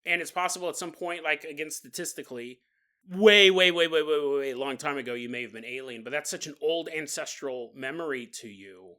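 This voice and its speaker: Alone at the mic, this podcast host rambles through a casual monologue in a playful mood, frequently cracking himself up. His voice runs a little high, and he speaks briskly with a bright, forceful tone.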